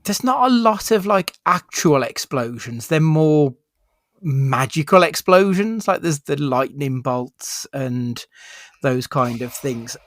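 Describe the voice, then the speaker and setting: A man's voice: on the high side, slow pace, dry recording. A man co-hosting a podcast, casually chatting through a film review and leading the rating categories. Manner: relaxed, leads the rating categories. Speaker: podcast co-host.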